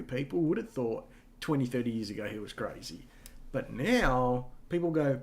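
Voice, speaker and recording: A middle-aged man talking loosely in a casual podcast chat. He rambles, circles back, fills gaps with "you know" and swears freely. His pitch sits in a plain middle range. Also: expressive, moderate pace. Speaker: podcast co-host.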